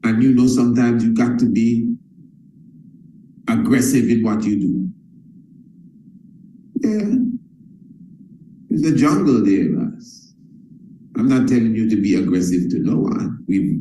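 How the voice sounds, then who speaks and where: Man, motivational sales coach, mellow emphatic voice, repetitive delivery, echoey room. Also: medium pitch, lively intonation, measured pace, pauses often. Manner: emphatic and repetitive, addresses listeners as family.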